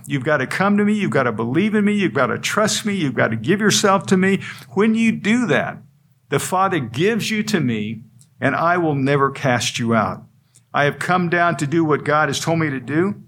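A man's voice: mid-range voice, fairly bright tone. A man preaching an expository sermon, earnest and emphatic, driving points home through repetition. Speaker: pastor.

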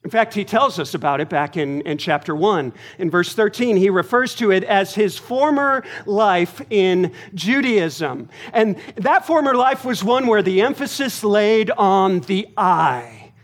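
A male pastor preaching a sermon to his congregation in a deliberate, emphatic way, pausing and stressing his words. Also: sits high, animated. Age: adult, married.

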